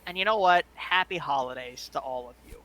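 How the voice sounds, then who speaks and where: A man's voice: fairly high pitch, fairly quick, sharp tone. A young man playing in a tabletop game, chatting casually and easily amused. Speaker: player. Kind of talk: casual chat.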